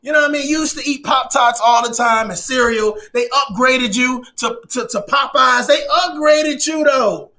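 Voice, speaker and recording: A man performing an animated comedic monologue, shouting and preaching his story with laughing asides. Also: extremely high pitch, moderate pace, few pauses.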